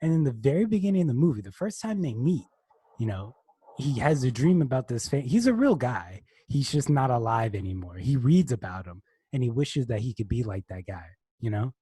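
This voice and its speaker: Rambling young man, lively husky voice. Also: medium pitch, brisk, dry recording. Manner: rambling, restarts often, animated retelling. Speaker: podcast co-host. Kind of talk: casual chat.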